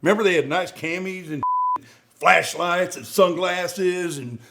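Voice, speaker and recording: With a high-sitting, gravelly voice and an unhurried pace, this middle-aged Marine veteran co-hosts a podcast against some background noise. He shares war stories in casual conversation, swearing and animated, loudly acting out what people said.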